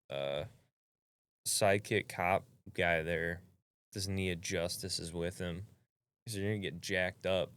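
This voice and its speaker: Low, smooth-voiced casual male podcast host. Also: fairly bright tone. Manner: laid-back, laughs often, wraps up the show. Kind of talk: casual chat.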